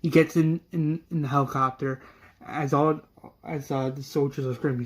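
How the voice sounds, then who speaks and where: A man's voice: on the high side, fairly even intonation, moderate pace. A man casually retelling the plot of his fan series, rambling with many fillers and restarts.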